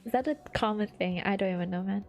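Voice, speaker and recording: A woman streamer in casual chat, laughing often and breaking into high-pitched giggles. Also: fast talker, darkish tone, soft background music.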